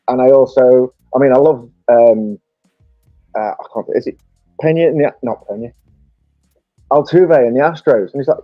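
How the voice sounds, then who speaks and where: A man's voice: medium pitch, normal speed, no echo. A man with a Stoke-on-Trent accent chats casually, spinning anecdotes and laughing often. The sound is dull and lo-fi with a dry, close feel. Faint music plays underneath. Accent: Stoke-on-Trent English. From England. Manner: chatty storyteller, laughs often. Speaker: podcast guest. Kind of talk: casual chat.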